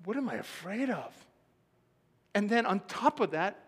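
A man preaching a sermon as pastor, telling stories with lively acted-out quotes and frequent laughter. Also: sits high, moderate pace, husky. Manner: animated storytelling, acts out quotes, laughs often. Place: church sanctuary. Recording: long hall reverb.

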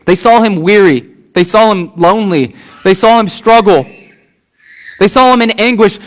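A pastor preaching a sermon, using repeated phrases and asking the congregation questions. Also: male voice, high-pitched, normal speed.

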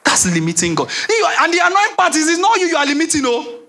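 This is a young Nigerian man preaching as a pastor at a quick pace. He's lively, circles back over the same phrases, and slips into a low register to act out quotes.

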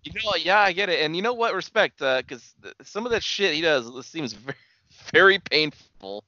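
A man's voice: fairly high pitch, lively intonation, moderate pace, sharp tone, no echo, muffled recording. A man co-hosting a casual wrestling podcast, laid-back and agreeable. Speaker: podcast co-host. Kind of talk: casual wrestling recap chat.

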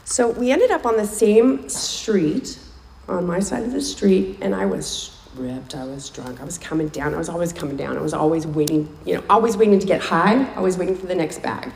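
Her voice sits lowish, creaky and a little mellow, moving at a moderate pace. She's a woman opening up emotionally at a recovery meeting, sharing her own story and leaning on repeated phrases for emphasis. Faint noise hangs in an echoey room.

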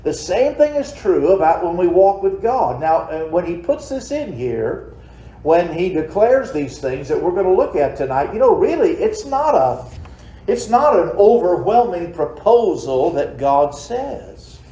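A man preaching in a church sanctuary, folksy and conversational, throwing rhetorical questions at his congregation. His voice sits a little high but sounds mellow and warm. The room rings around him with a roomy echo. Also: big pitch swings, measured pace. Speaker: pastor. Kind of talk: sermon.

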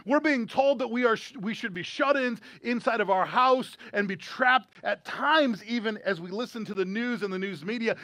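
A man's voice: high-pitched, a bit bright, dry recording. A male American pastor preaching a sermon in a conversational way, with humorous asides, during a streamed church service. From United States.

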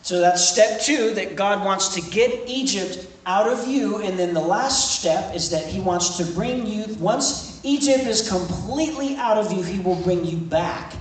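A man's voice: high voice, unhurried, few pauses, distant mic. A man preaching an evening sermon as pastor, reading scripture and talking in a loose, conversational way that repeats words and restarts sentences. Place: church service in a room. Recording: echoey room, speaker off-mic, faint noise.

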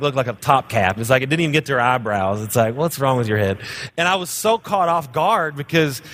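A man's voice: medium pitch, fairly bright tone. A guest pastor in his thirties with a drawl, preaching in a joking, storytelling way. He pokes fun at himself and keeps the congregation laughing as he goes. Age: 30s. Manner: joking, storytelling, self-deprecating. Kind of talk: humorous sermon.

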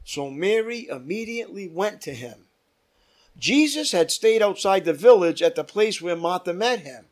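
A man leading a Bible study as pastor, reading scripture aloud with emphatic rises and dropping to quiet asides. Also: high voice, lively intonation, normal speed.

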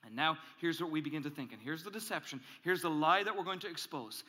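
A male pastor preaching a sermon, animated and emphatic, acting out angry inner voices as he builds. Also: moderate pace. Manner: animated, acts out angry inner voices, rises in pitch and volume when emphatic. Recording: hall reverb.

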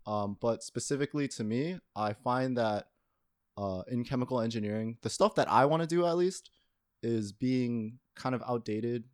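A man's voice: mid-range voice, moderate pace, darkish tone, clear, resonant tone. A young man, a university student, talking casually and thoughtfully as a podcast guest, often hedging. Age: young adult. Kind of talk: casual chat.

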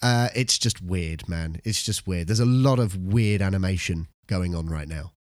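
Male podcast co-host, animated, stumbles and repeats, dry sound. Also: low voice, normal speed, no room sound. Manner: animated, repeats words while thinking. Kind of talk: casual chat.

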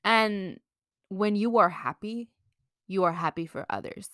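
Speaking unhurriedly in a mid-range, fairly bright voice, this young bilingual vlogger offers frank, chatty life advice straight to camera. She curses freely and drifts into Mexican Spanish from time to time, captured in clean studio sound with no room echo.

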